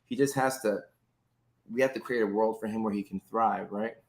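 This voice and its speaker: A man's voice: lowish voice, moderate pace, creaky. A man in his thirties hosting a casual live stream, greeting viewers by name in an upbeat, chatty way with plenty of fillers, recorded indoors on a phone or webcam close to his face. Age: 30s.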